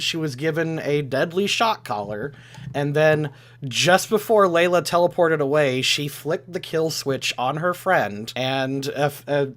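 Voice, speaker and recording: A man's voice: fairly high pitch, a bit bright. Casual man narrating as game master. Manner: casual, hesitant with fillers.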